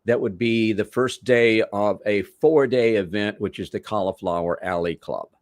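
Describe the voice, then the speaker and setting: Older male raconteur, showy and rambling, low-pitched, dry close recording. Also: moderate pace, no echo. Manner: rambling, theatrical, old-school showman. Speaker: guest, veteran wrestler. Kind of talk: storytelling in a podcast interview.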